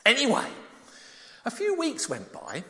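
A man preaching, telling a story with props and then reading a psalm, animated and at times dropping soft. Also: very high voice, unhurried. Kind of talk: children's talk and Bible reading. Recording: long hall reverb.

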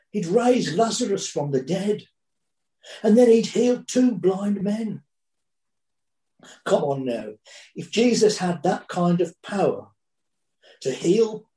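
Male preacher, slow and deliberate, mellow tone, dramatic storyteller, echoey room. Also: sits high. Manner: dramatic storytelling, building and dropping intensity. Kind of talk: sermon.

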